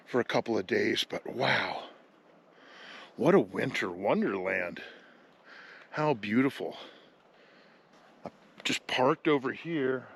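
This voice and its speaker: A man's voice: medium pitch, gravelly. A man talking casually in a solo travel vlog, slightly out of breath, outdoors at a snowy lookout, chatty and easygoing. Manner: chatty, easygoing, marvels out loud. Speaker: vanlife vlogger.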